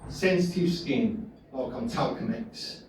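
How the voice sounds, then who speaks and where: A man's voice: medium pitch, expressive, slow. A man with a Birmingham accent doing a stand-up set, cheeky and laughing at his own jokes. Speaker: stand-up comedian. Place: small pub comedy room. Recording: echoey room from far off, noisy.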